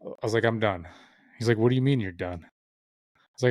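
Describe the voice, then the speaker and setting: A young man with a lowish voice tells a winding story in casual podcast chat. He swears freely and puts on the voices of people he quotes. The sound is close and dry, with no room around it. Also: a little fast, darkish tone, no echo. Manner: rambling, heavy swearing, acts out quoted voices. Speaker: podcast guest.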